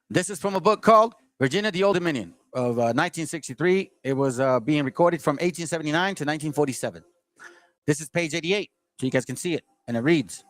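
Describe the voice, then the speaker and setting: A man with a slightly higher-than-average voice reads from an old history book and keeps breaking off to lecture his listeners. His delivery is combative, and he stumbles and restarts over the printed lines. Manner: combative, lecturing straight at the audience; stumbles and restarts while reading aloud. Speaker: channel host. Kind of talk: reading aloud from a history book with running commentary.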